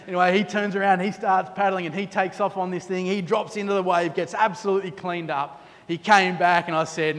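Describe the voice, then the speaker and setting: A man preaching a sermon, telling stories with lively quoted asides. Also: high-pitched, fast talker. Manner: storytelling, animated with quoted asides. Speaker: pastor. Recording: long hall reverb.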